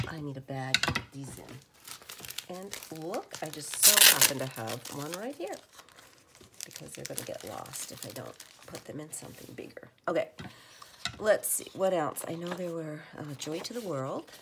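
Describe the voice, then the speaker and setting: A woman chatting casually at her home craft table, rambling and often dropping into a soft whisper. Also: low voice, very animated, moderate pace, background noise. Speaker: crafter making journal ephemera.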